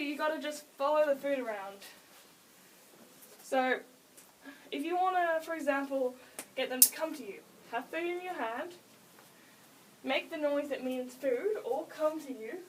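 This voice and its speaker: A woman's voice: high-pitched, lively intonation, unhurried, pauses often, far from the mic, a little hiss or hum, rough recording. A teenage girl casually explaining how to train pets, rambling, interrupting herself and giggling between points. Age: late teens. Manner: chatty, self-interrupting, giggly asides. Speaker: vlogger explaining pet training.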